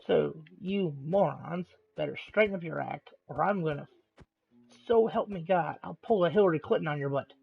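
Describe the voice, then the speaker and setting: A man streaming live, delivering an angry rant in a deliberately calm, measured voice with halting pauses. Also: fairly high pitch, gravelly, slightly rough. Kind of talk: ranting monologue on a live stream. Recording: tinny, phone-like lo-fi sound.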